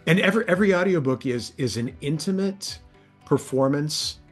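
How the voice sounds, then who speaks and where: A man who narrates audiobooks, chatting in an interview in a lively way, his voice jumping up when excited. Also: normal speed, faint music behind. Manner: animated, pitch jumps when excited. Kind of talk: casual interview chat.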